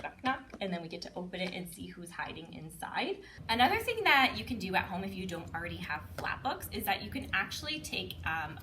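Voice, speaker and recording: A woman's voice: lowish voice, noisy background. A woman working as a communicative disorders assistant, giving a chatty instructional demonstration, now and then jumping into playful sing-song read-aloud voices. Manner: chatty with frequent "um" and light laughs.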